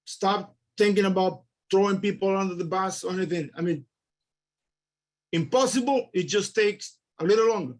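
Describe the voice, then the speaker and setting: Earnest, halting higher-voiced man. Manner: earnest, halting, repeats words. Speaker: council member. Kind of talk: reflective public remarks.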